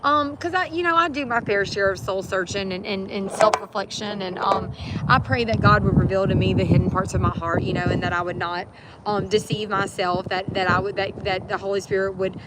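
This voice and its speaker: Earnest woman, rambling faith talk; noisy outdoor livestream with passing traffic. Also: medium pitch. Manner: earnest, rambling, many fillers and restarts.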